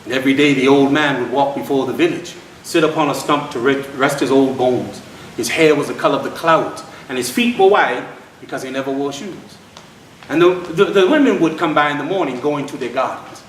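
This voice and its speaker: This storyteller speaks briskly in a medium pitch, sharing history and a folk tale with a live audience at a historic site event. His folksy delivery calls the crowd y'all, heard distantly in an echoing room with slight background noise.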